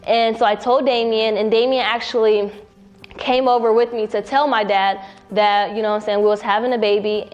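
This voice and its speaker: A young woman telling a personal story casually in a documentary interview, acting out what people said. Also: mid-range voice. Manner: casual, acts out quoted dialogue with a rising voice.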